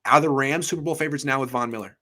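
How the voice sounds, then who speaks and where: A man hosting a casual sports podcast, talking in an animated, jokey way that often trails off and restarts. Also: mid-range voice, rapid-fire.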